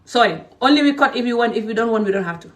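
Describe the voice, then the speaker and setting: A woman's voice: on the high side, animated, very fast, recorded from a distance. A woman from Gambia, talking straight to camera in a passionate, scolding rant. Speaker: vlogger.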